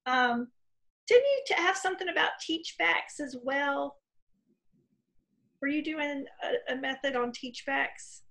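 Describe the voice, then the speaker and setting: A woman with a fairly high voice hosts a relaxed conversation over a video call. She is chatty and encouraging and laughs easily between questions. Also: measured pace, gravelly, long pauses. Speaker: host. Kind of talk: casual video-call interview.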